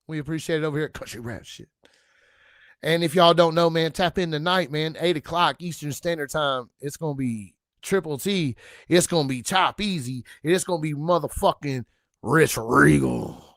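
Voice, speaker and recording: A man hosting a casual livestream, rambling loosely with slang and profanity, giving viewers shout-outs. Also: on the high side, normal speed, vocal fry, no echo, clean studio sound. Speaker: livestream host.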